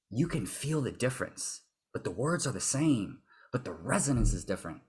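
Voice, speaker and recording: A man who works as a vocal confidence coach, leading a workshop in an animated way and sometimes acting out other voices. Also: mid-range voice, brisk, few pauses, breathy edge. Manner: animated, acts out voices and impressions. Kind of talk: workshop talk.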